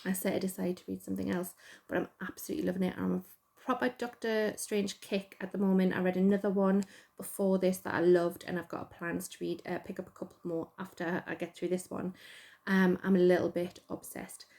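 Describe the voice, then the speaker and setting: A woman's voice: fairly low pitch, little pitch movement, a little fast, gravelly, a little mellow. A middle-aged woman with a Geordie accent, chatting casually and rambling as host, self-deprecating and full of fillers. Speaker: podcast host. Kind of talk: casual chat.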